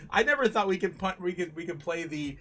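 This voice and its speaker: A man's voice: sits high, expressive, fast, fairly bright tone, a little hiss or hum. A man hosting a casual livestream, laughing often and rambling through fillers and restarts. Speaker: crypto livestream host.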